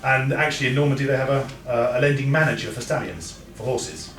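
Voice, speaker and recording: A man's voice: mid-range voice, expressive, fast talker, a bit bright, soft background music. A man giving an informal, anecdotal talk to an audience, with frequent restarts. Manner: chatty, anecdotal, with stammered restarts. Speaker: speaker at a breeders' talk. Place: event room with an audience. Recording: echoey room, mic far off, background noise.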